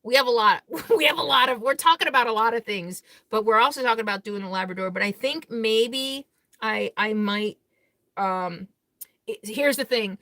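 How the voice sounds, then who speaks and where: A woman with a somewhat high, bright voice chats casually on a live stream, answering viewer comments one after another. She is candid and blunt, and she laughs easily between thoughts. The sound is dry and close, with no room echo. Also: normal speed. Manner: blunt and outspoken. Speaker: RV vlogger hosting a live Q&A.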